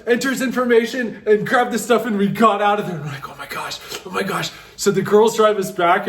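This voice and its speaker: High-voiced man telling a laughing story. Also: echoey room. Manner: animated, breaks into frequent laughter. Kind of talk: casual personal storytelling.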